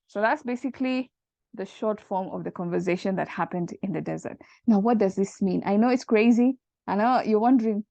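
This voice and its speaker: A woman teacher telling a playful, jokey story to explain a lesson, in a conspiratorial, animated way. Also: medium pitch, a little fast, gravelly, no echo. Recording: dull dry lo-fi recording.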